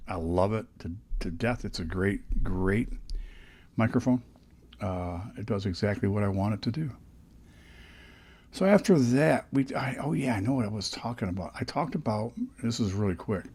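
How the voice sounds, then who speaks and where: An older man with a fairly low voice rambles through casual vlog stories, often restarting his sentences. He talks close into a dynamic studio microphone. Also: lively intonation, moderate pace, darkish tone, husky. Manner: rambling, chatty, frequent restarts. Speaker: podcast host.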